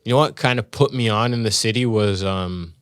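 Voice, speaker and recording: Laid-back low-voiced male comedian. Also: brisk, a bit bright, clean tone, no echo, studio quality. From Canada. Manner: laid-back, loose, swears freely. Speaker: stand-up comedian guest. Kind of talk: casual podcast storytelling. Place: podcast studio.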